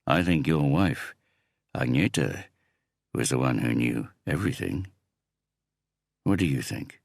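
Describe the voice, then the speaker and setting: A man's voice: rumbling low, expressive, gravelly, no echo, studio quality, full character voice. A man reading as a cold, icy police inspector. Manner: cold, pressing, measured. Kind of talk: audiobook character reading.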